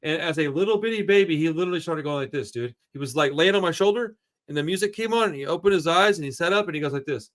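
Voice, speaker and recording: A man hosting a casual podcast chat, excitable and profane, saying dude and bro constantly. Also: on the high side, fast talker. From Houston area. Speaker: podcast host.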